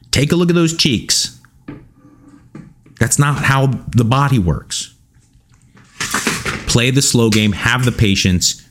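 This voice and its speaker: Blunt, animated male podcast host. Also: lowish voice. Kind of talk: fitness commentary.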